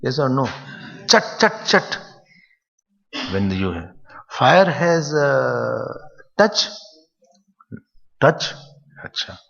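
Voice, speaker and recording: A man's voice: medium pitch, animated, slow, gravelly, pauses often, a bit bright. A man, a spiritual teacher giving a playful scripture lecture and quizzing his listeners. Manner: playful, asks the listeners questions. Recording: dull lo-fi recording in a reverberant hall.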